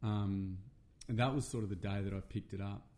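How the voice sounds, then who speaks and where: A man's voice: lowish voice, steady tone, normal speed, dark tone. A middle-aged Australian man, a men's workshop facilitator, telling a personal story in casual, earnest talk with plenty of fillers and swearing.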